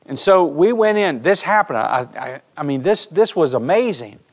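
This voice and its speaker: A man's voice: on the high side, moderate pace. A man preaching a sermon in a church, telling stories and speaking directly to his congregation. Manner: storytelling preacher, animated, addresses congregation directly. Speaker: pastor. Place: church sanctuary.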